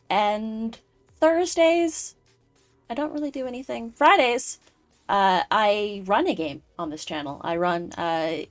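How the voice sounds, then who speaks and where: A woman hosting a live-streamed chat show, rambling through her list with lots of "uh"s. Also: medium pitch. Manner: rambling, full of fillers. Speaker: host.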